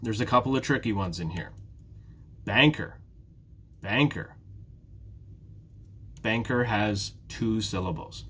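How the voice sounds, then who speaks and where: A man with a British accent, teaching a prerecorded beginner English lesson, slowly repeating words for learners. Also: fairly low pitch. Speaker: ESL teacher.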